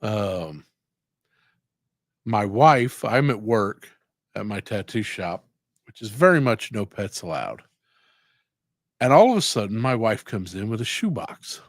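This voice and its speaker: A man's voice: fairly low pitch, animated, measured pace, long pauses, no echo, clean studio sound. A middle-aged man, a tattoo artist, chatting casually and rambling on a livestream, with frequent swearing. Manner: rambling, laid-back, swears freely.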